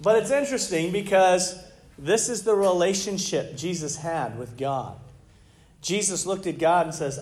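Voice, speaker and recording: A middle-aged man preaching a sermon as pastor, conversational and animated, full of rhetorical questions to the congregation. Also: high voice, a little slow.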